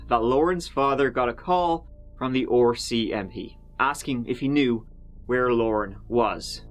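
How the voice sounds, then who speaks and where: Chatty man narrating true crime. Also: medium pitch. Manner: chatty, with fillers and asides. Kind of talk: casual storytelling narration.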